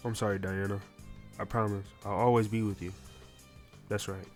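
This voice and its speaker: A man reading the lines of a young male comic hero, grim and determined, in his own low voice. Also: little pitch movement, moderate pace, darkish tone, faint music behind, lightly acted. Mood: resolute.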